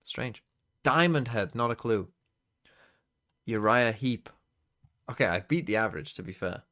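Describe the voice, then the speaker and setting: A man's voice: medium pitch, lively intonation, unhurried, a bit bright. A man streaming casually, muttering to himself and swearing often as he plays along. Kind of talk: casual live-stream commentary.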